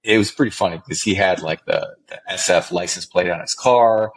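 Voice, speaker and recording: A middle-aged man telling stories as a podcast guest, animated and profane, acting out the dialogue. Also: deep voice, moderate pace, a little hiss or hum, poor audio. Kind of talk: casual storytelling in conversation.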